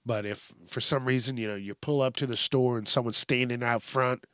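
Fairly quick and a bit bright, a man of medium pitch with fairly even intonation hosts a casual news podcast. Working at a stand-mounted mic in his home studio, he rambles, swears, and uses frequent fillers, captured in studio quality without echo.

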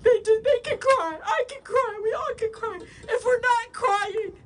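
Woman, crying, voice breaking, distressed, pleading, very high pitch. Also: a little slow. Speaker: politician. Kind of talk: emotional public remarks.

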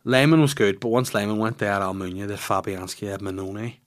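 A man hosting a casual football chat podcast, ranting and swearing in quick, cheeky banter. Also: fairly low pitch. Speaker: podcast host.

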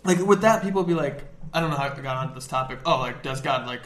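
A man's voice: medium pitch, reverberant. A young man co-hosting a casual faith podcast, chatting energetically and peppering his talk with "like" and "dude". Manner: fast, energetic, filler-heavy with frequent "like" and "dude". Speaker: podcast co-host.

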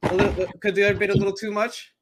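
A man's voice: high-pitched, little pitch movement, fast, noisy background. A man co-hosting a podcast in casual chat, teasing and stammering, repeating himself as he poses questions. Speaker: podcast co-host. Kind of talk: casual wrestling recap chat.

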